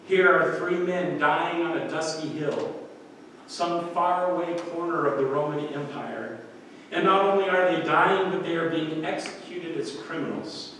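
A man's voice: a little high, slight background noise. A man preaching a sermon as pastor, earnest, lifting his voice on the quoted lines. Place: church sanctuary. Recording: echoey church hall, mic at a distance.

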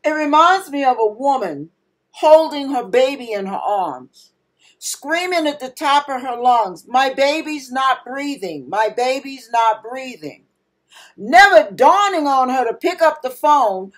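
Emphatic woman preaching a slow, lively sermon. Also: high voice. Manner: preachy, emphatic, acts out panicked cries. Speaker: pastor.

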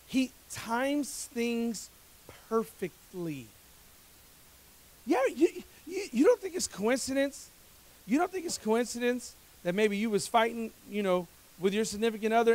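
A male pastor preaching a conversational sermon at a church service, energetic, joking with the congregation and asking rhetorical questions, often repeating words as he speeds up. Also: sits high.

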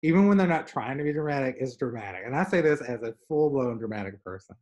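A young man with a Southern accent, chatting over a video call in an animated, storytelling way. His voice sits at an ordinary middle pitch, and his talk is loose, full of "like" and quick asides. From American South. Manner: animated storyteller, many fillers. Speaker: artist guest. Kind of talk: casual conversation.

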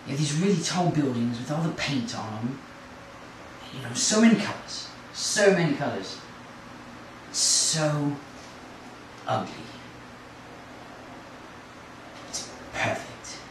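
An actor playing a scheming immigrant hustler in an acting-class film monologue, speaking in halting, repetitive, quietly sinister musings. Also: male voice, on the high side, lively intonation. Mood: dreamy. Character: scheming immigrant hustler man, smugly menacing. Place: large echoey studio kitchen. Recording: echoey room from far off, noisy.

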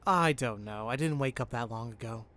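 Man reading as a cryptic deadpan schoolgirl. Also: mid-range voice, moderate pace, lightly acted. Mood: matter-of-fact. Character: calm, cryptic teenage schoolgirl. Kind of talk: reading game dialogue aloud.

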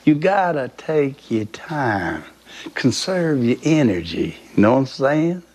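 A man in his seventies from the American South with a Southern accent, telling stories in a folksy, animated way in a documentary interview. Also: mid-range voice, slow pace. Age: 70s. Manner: animated, folksy storytelling with big swings in voice. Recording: music bed underneath.

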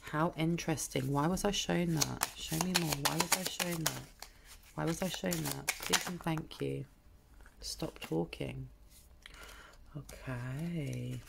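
A woman's voice: on the low side, vocal fry, darkish tone, slight background noise. A woman giving a collective tarot reading in a blunt, chatty way, with cheeky mild swearing. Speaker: tarot reader.

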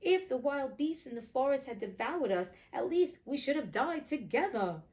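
A woman's voice: high-pitched, animated, moderate pace, darkish tone, pitched above the performer's own voice. A woman voicing a frightened little girl who pleads for help, for a storybook reading. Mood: pleading.

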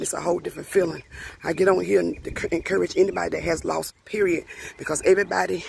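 A woman's voice: fairly low pitch, gravelly, a little hiss or hum. A middle-aged woman speaking in a heartfelt personal video message, grieving, emotional and earnest, often repeating herself. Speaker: grieving mother vlogger.

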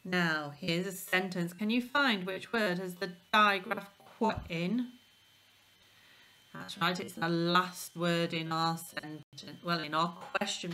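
Woman, teacher, phonics lesson, slow and careful, bright tone. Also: lowish voice. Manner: slow, clear, sounding out letters. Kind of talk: phonics lesson for young children.

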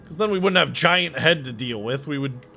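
A man narrating his horror game playthrough, jokey and excitable with frequent cursing. His slightly high voice swings animatedly up and down. Game music plays clearly behind him. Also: moderate pace. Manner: excitable, jokey, swears freely. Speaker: gaming streamer. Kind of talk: let's-play commentary. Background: game music and sounds.

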